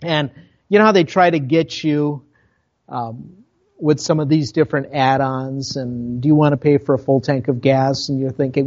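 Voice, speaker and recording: A man with a Minnesotan accent preaching in a loose, conversational way, telling a story with frequent asides. He is a pastor, and his voice sits at a middling pitch. The recording sounds a bit dull and lo-fi. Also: fairly even intonation, normal speed, darkish tone. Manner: conversational, with self-interrupting asides. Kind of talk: storytelling sermon.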